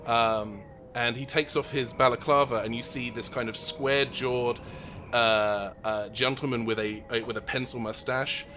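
A man's voice: medium pitch, steady tone, bright, forceful tone, soft background music. A man from Seattle narrating a tabletop role-playing game as game master, with many ums and restarts. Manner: halting, full of ums and restarts.

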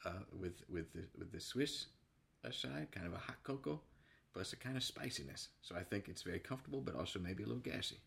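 A man hosting a podcast interview, teasing his guest in a dry, deadpan way. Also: fairly low pitch, fast talker, vocal fry. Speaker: podcast host. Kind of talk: casual interview chat.

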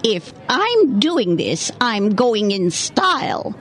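Woman voicing a bossy, stingy hotel owner, slow, lively pitch, faint noise. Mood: haughty. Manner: haughty, bossy. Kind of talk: audio drama acting.

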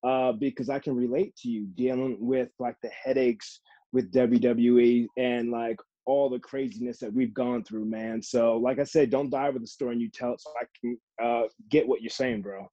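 A man's voice: mid-range voice, moderate pace, dry recording. A man hosting a casual chat, telling stories with lots of fillers and acted-out quotes. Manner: animated storyteller, fillers, acts out quotes. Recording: dull dry lo-fi sound.

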